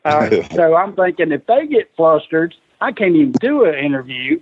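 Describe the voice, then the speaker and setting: A man's voice: a little high, sing-song, normal speed, slight background noise. A man guest telling wrestling stories casually, acting out the quoted lines as he goes. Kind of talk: casual storytelling. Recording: tinny phone-like line.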